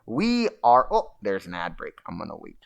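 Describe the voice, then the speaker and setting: A man hosting a casual livestream, rambling and animated as he tells stories and answers viewer questions. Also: low-pitched, moderate pace, creaky. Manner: rambling and animated, chanting and shouting at times. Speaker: livestream host.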